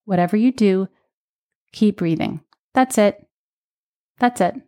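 Animated woman telling a birth story. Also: mid-range voice, takes it slowly. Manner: animated storytelling with quoted voices. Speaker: birth educator. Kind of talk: casual podcast chat.

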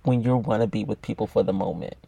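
A man's voice: lowish voice, quick pace, creaky, mellow, husky, dry recording. A man giving a blunt, swear-filled motivational monologue about self-love, talking straight to the listener. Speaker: self-help podcaster.

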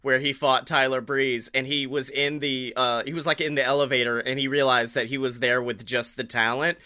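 A man co-hosting a casual wrestling podcast, talking in an animated way, swearing freely and laughing often. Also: medium pitch, normal speed. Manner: animated, swears a lot, laughs often, does silly impressions. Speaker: podcast co-host.

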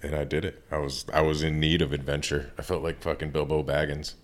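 A man with an extremely low, rumbling voice tells stories in a casual interview. He swears freely and acts out the people he quotes. He is in his thirties and works as a tattoo artist. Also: a little fast. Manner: profane, animated storyteller acting out quotes.

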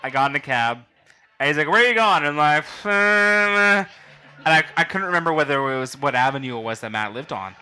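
A man's voice: fairly high pitch, fairly quick, bright, forceful tone, clear, resonant tone. A young man from Canada telling a long story casually, swearing a lot and acting out quotes. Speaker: podcast guest.

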